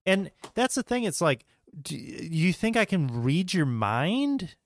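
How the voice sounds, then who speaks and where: A man's voice: fairly high pitch, very animated, takes it slowly, dry recording. A man co-hosting a casual podcast, swearing and sarcastically exasperated about other drivers. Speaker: podcast co-host. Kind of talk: casual profane chat.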